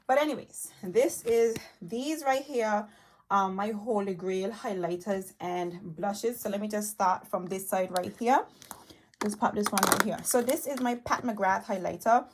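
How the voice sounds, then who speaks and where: A woman's voice: medium pitch, measured pace. A chatty woman reviewing her makeup in a loose, rambling way, her talk full of fillers and keen asides. She sounds a bit out of breath, recording on a tablet she holds, with a faint hiss and the odd click behind her. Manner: rambling, enthusiastic, full of fillers like "you know" and "um". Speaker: beauty vlogger. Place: home room cluttered with makeup. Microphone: tablet held in hand.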